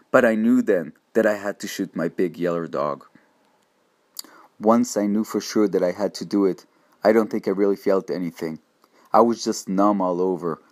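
A man reading a first-person audiobook narration in a steady, measured voice. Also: low-pitched, no echo, studio quality.

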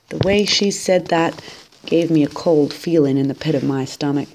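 Woman reading a novel aloud, low voice, very slow pace, steady storytelling. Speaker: reader.

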